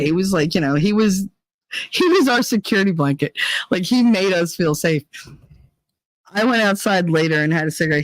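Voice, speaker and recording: A woman's voice: fairly low pitch, no room sound, low-quality recording. Woman host swearing her way thru a story, tough and cocky, dry close mic. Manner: blunt, profane, swaggering. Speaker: podcast host. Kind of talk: casual storytelling chat.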